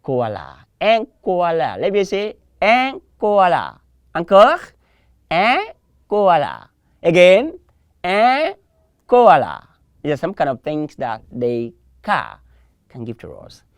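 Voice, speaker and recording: A man teaches French on television at a slow, deliberate pace, his pitch jumping up and down as he drills each word. He repeats terms several times and asks learners to answer back. The sound is close and dry. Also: huge pitch swings, clear, resonant tone, no echo. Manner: drills words by repetition, call and response. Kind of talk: televised language lesson.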